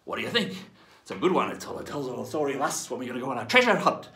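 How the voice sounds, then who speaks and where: A man hosts a children's lesson as a hammy pirate captain, his delivery swinging up and down with theatrical glee. His voice is bright with a gravelly edge, and it rings in an echoey room. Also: mid-range voice, big pitch swings, rapid-fire. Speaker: children's show host in pirate persona. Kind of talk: playful pirate-themed kids' lesson.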